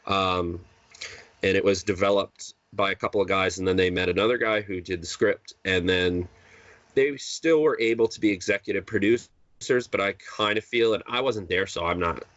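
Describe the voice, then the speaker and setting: A podcast co-host with a deep, fairly bright voice chats casually at a moderate pace, rambling with frequent fillers and restarts. There's no room sound, and the recording is dry, dull and lo-fi.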